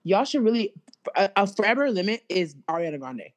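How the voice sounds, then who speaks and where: A young woman co-hosting a casual chat, talking in an animated, slangy and blunt way. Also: medium pitch, brisk. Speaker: co-host.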